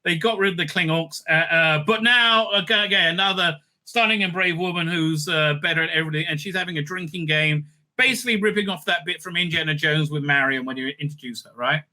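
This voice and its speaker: A man's voice: fairly high pitch, brisk, sharp tone. A man hosting a casual, sarcastic review rant, swearing often and stumbling over fillers. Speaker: reviewer, channel host.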